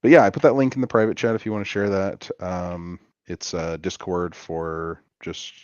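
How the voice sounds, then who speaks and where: A man's voice: deep voice, level tone, normal speed, clean tone, dull audio. A man hosting a podcast, talking in a laid-back way with many fillers in casual chat. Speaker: podcast host.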